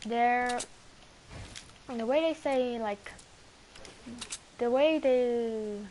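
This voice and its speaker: A woman's voice: on the high side, drawn-out words, warm tone. A woman rambling through casual gameplay commentary, self-mocking and full of fillers and restarts. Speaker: gamer streaming a match. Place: home, indoors. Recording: clear background noise.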